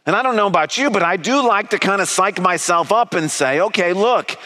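A man's voice: high voice, animated, fairly quick, sharp tone. A man giving a sermon in a conversational, storytelling way, earnest and direct. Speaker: preacher. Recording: long reverb of a hall.

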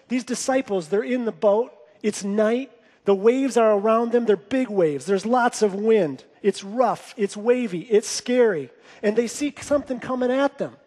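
A man with a notably high voice preaches to his congregation. He moves between reading scripture and retelling it in plain, casual words. His voice carries with a long reverb through a large church hall. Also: a little mellow. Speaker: pastor. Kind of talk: sermon. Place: church sanctuary.

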